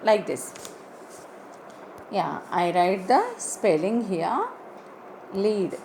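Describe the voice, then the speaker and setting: A woman teaching words in an online lesson, slowly spelling words out letter by letter. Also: mid-range voice, darkish tone, slight background noise, low-quality recording. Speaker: English teacher.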